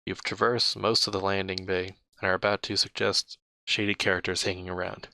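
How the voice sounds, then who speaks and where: A man's voice: sits low, level tone, fairly quick, creaky, pushed and bright. A man reading an interactive space adventure story aloud in a casual way, stopping to comment on his own slips. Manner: chatty, comments on his own slips and laughs mid-read. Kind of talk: casual read-aloud narration.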